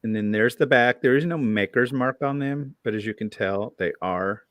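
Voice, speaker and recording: A man's voice: mid-range voice, moderate pace, a bit bright, no room sound. A man hosting a live online sale, chatting casually about vintage items in a tired morning voice.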